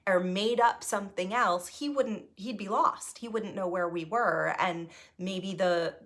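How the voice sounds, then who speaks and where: A woman who improvises and performs solo shows, telling a personal story in a chatty, animated way and often tagging thoughts with "right?". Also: medium pitch, measured pace. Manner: chatty, keeps asking "right?" between thoughts; animated, voice jumps when reliving nerves.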